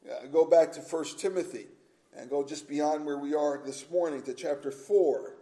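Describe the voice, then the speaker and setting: This sermon comes from a preacher whose voice is a little high and mellow, heard on a low-quality recording. Earnest throughout, he leans on repetition to emphasize his points and reads scripture aloud at a slower pace.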